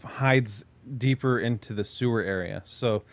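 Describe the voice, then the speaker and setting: A man with a lowish voice speaks unhurriedly as a podcast co-host, casually recapping a horror movie plot. He curses freely and meanders, repeatedly circling back with lots of filler, "like," and restarts. The audio carries no room sound.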